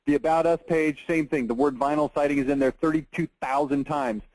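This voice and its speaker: A man's voice: fairly high pitch, fairly even intonation, a little fast, a little mellow, dry recording, low-quality recording. A man, giving a blunt, emphatic marketing webinar with an exasperated edge. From Texas. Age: 40s. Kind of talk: webinar presentation over screen share.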